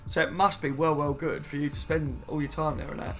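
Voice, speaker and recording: A man's voice: fairly high pitch, little pitch movement, brisk, fairly bright tone, soft background music. A man hosting a casual live stream, chatting loosely and reading viewers' comments aloud before answering them. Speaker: fan channel host.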